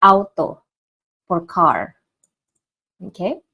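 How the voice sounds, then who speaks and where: Woman, language teacher, low voice, slow careful repetition for learners. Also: lively intonation, bright, forceful tone, poor audio. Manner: repeats each word slowly and clearly for learners. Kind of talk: casual online language lesson.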